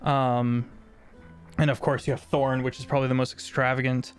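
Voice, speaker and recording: A man narrating a tabletop role-playing game as game master, halting with many fillers. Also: medium pitch, little pitch movement, soft background music.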